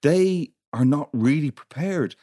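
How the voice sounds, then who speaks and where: Male co-host, casual, expressive intonation. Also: fairly high pitch, slow pace. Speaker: podcast co-host. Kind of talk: casual chat.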